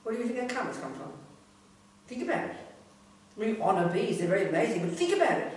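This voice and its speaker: A woman's voice: mid-range voice, big pitch swings, fast talker. A woman, a Buddhist nun, giving a blunt, emphatic and earthy teaching talk in a centre's hall. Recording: echoey room, voice from a distance.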